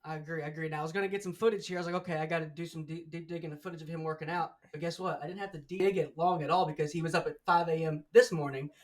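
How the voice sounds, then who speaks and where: A man's voice: a little high, steady tone, very fast, hardly any pauses. A man hosting a casual sports interview, talking enthusiastically with plenty of fillers. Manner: enthusiastic, loose, many fillers. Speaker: host.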